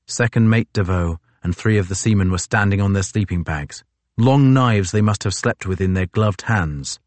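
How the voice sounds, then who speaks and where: Reading a novel aloud for an audiobook, a low-voiced man keeps his storytelling steady and measured. The recording has no room sound.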